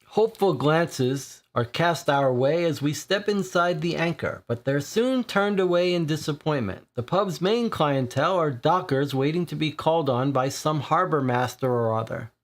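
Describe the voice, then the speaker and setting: A board game player reading a detective case aloud, thinking aloud slowly and deliberately. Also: mid-range voice, animated.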